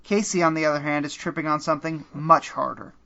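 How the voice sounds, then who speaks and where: A man narrates a comedic choose-your-own-adventure game as podcast host, keeping a dry, deadpan delivery that now and then breaks into laughs. His voice has a bright edge. The recording is slightly muffled and lo-fi. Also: a little high, fast talker, gravelly.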